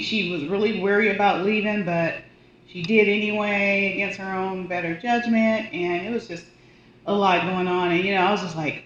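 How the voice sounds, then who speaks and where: A woman who works as a hospice volunteer and death doula, telling a personal story in a casual, animated way. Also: fairly low pitch. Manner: animated, acts out quoted voices. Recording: roomy, dull audio with faint noise.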